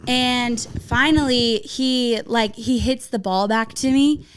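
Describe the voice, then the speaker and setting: A young woman tells a story on a podcast with a smooth, slightly high voice. She is lively and swears freely, and she acts out what everyone said as she goes. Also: takes it slowly, rough recording. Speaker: podcast co-host telling a story. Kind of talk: casual chat.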